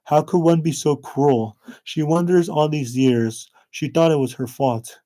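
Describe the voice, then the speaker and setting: A man voicing a cruel, bitter middle-aged father confessing revenge in a low, brooding way. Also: unhurried, warm tone, close to an everyday voice.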